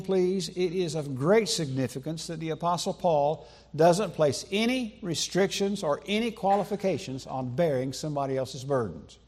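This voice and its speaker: A man preaching a sermon in a church sanctuary, emphatic, with slow deliberate pauses and repetition for stress. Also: on the high side, a little mellow. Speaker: pastor.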